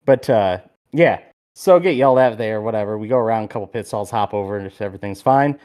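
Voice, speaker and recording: A man co-hosting a podcast in casual chat, telling a story with animated energy and plenty of swearing. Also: fairly low pitch, quick pace. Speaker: podcast co-host.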